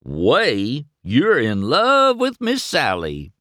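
A man's voice: mid-range voice, huge pitch swings, slow pace, a bit bright, no room sound, studio quality, voice pushed up, heavily acted. A man reading a storybook aloud, voicing a goofy, boastful country tow truck who teases in a folksy, sing-song drawl. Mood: teasing.

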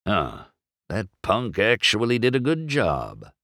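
A man doing a gruff old roadster, stern and muttering, with a clipped drawl. It is a storybook turn, from a man recorded close and dry. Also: lowish voice, sing-song, a little slow, a bit bright, dry recording, pitched above the performer's own voice. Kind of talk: storybook reading.

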